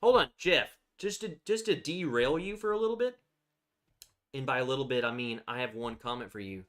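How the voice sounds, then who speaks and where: A man's voice: mid-range voice, fairly quick, a bit bright. A man hosting a casual livestream, chatting freely, laughing often and reacting to viewer comments. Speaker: livestream host.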